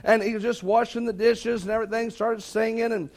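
A preacher with a notably high voice delivers a sermon in a folksy storytelling manner. He retells an anecdote and voices the people in it as he goes. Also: little pitch movement, a little fast.

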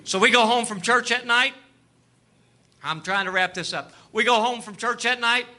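A man preaching a sermon testimony, telling a story, acting out the dialogue and rising to fervent shouts. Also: very high voice, moderate pace. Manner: storytelling, acts out dialogue, rises to shouting fervor.

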